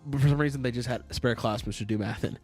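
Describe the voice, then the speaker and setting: A man's voice: mid-range voice, quick pace, a little mellow, soft background music. A young man in his twenties co-hosting a podcast, telling a long story in a rambling, profane way and laughing along as he goes. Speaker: podcast co-host. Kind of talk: casual storytelling chat.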